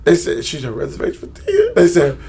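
A man telling a story to friends in casual chat, animated and laughing, acting out quotes. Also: a little high, a little fast, creaky. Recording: noisy room recording.

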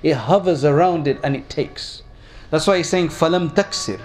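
Male preacher, slightly high voice, storytelling sermon, faint room noise behind. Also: moderate pace, darkish tone. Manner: storytelling, addresses audience with questions.

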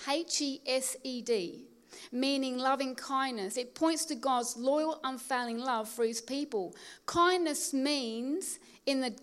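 A woman with a high, bright voice delivers a sermon. She mixes everyday stories with scripture and slows right down to press home key words. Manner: storytelling, emphatic preaching with slow stressed phrases. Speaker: pastor.

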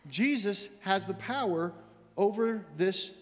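A man, the senior minister, preaching a sermon in a church sanctuary and telling a story with animated quoted voices. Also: sits high, slow. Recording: long hall reverb, faint music.

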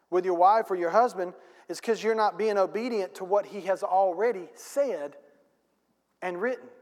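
A man pastor preaching a sermon in a folksy, emphatic style with casual grammar, rising to loud peaks. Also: high voice. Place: church sanctuary. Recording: long church hall reverb.

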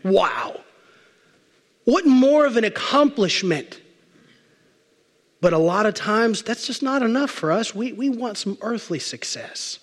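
A male pastor preaching a sermon, emphatic, stacking repeated phrases and slowing down to stress key words. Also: high-pitched, expressive. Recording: long reverb of a large hall.

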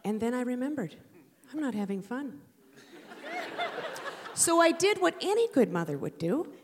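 A woman's voice: high voice, sing-song, moderate pace, noisy background. A middle-aged woman and mother telling a humorous personal story to an audience, with a playful, punchy delivery.

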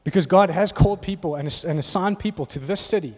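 A man's voice: sits high, fast talker. A man, preaching a passionate sermon to his church. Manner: passionate, rising to emphatic bursts. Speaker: pastor. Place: church auditorium. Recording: long reverb of a large hall.

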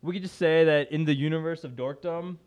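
A man, a podcast guest talking casually about his magic and improv work, chatty and self-deprecating with quick restarts. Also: a little high, smooth, highs cut off.

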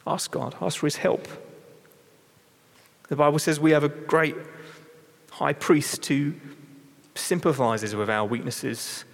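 A man's voice: fairly high pitch, creaky. Preacher man in a reverberant hall. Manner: earnest, repeats words, reads scripture slowly. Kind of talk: sermon. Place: large church hall.

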